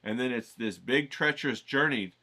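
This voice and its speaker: Brief: casual male vlog host, bright and forward tone, profane, chatty teaching style. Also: mid-range voice, normal speed. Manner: rambling, profane, keeps checking in with "okay?". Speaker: writing challenge host. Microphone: filtered through a voice isolator.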